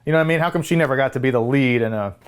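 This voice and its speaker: Male podcast co-host, enthusiastic and opinionated, quick to laugh, casual. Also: medium pitch, smooth. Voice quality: animated, laughing often. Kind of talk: casual movie review chat.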